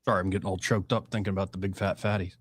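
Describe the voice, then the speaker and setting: Wisecracking talk radio host, dry studio. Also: male voice, low voice, little pitch movement, rapid-fire, breathy edge, no room sound. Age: 30s. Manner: wisecracking, blunt, lots of fillers. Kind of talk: casual political talk show.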